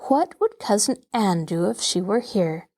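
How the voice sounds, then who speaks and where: A woman host reading a children's novel aloud in an expressive, dramatic way. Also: mid-range voice, unhurried. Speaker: host and storyteller.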